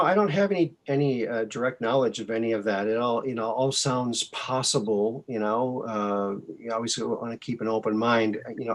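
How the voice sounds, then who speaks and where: Male host, middle-aged, folksy call-in chat, average pitch, corny humor. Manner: folksy, tells dad jokes.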